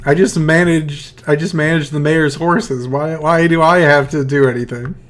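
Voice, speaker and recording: A man's voice: on the high side, steady tone, normal speed, close to an everyday voice. A man voicing a timid, frightened male stable hand who stammers and pleads in a tabletop game. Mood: scared pleading.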